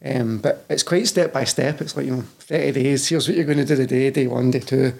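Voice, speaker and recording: A man's voice: mid-range voice, brisk, gravelly, darkish tone. A Scottish man in his thirties, a personal trainer talking candidly as a podcast guest, swearing freely and calling the host "mate" constantly. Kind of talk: casual podcast chat.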